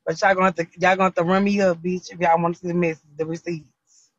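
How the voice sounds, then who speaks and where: A man's voice: sits high, level tone, quick pace, fairly bright tone, no echo, dull audio. A man hosting a casual livestream chat, complaining over and over in an exasperated way and laughing often. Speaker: livestream host.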